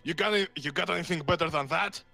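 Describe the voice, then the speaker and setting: A man's voice: fairly high pitch, fast, gravelly, pushed and bright. A man playing a tabletop game, talking in character with brash, swaggering banter. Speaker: player. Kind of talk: in-character tabletop role-play.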